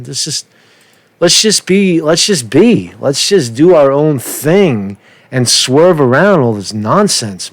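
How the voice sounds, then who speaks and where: On a big-city street, a male livestream host rambles fast and animatedly, swearing often, repeating himself, and ending his lines with "man". His voice is mid-range, and the recording has no room sound.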